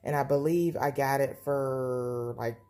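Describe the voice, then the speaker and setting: Speaking in a very deep, warm voice at a steady, measured pace, a woman who runs a planner channel reviews a sticker book at home. It's casual and gushing, full of enthusiasm and repeated praise.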